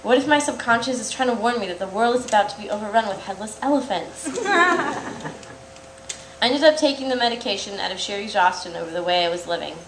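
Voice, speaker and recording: A woman's voice: mid-range voice, fast, echoey room, noisy background. A young woman reads her own comic aloud at a live event, in a dry, self-deprecating way and often laughing.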